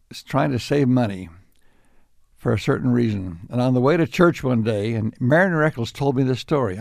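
An older man being interviewed, recalling his life in unhurried stories with frequent restarts and small chuckles. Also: medium pitch, vocal fry, darkish tone, no room sound, clean studio sound. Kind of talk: reflective storytelling.

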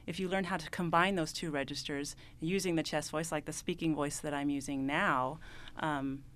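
A young adult woman, a voice student, explaining singing registers as a radio guest in an earnest, sometimes halting way. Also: low voice, steady tone, fairly bright tone, slight background noise. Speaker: voice student and mezzo-soprano.

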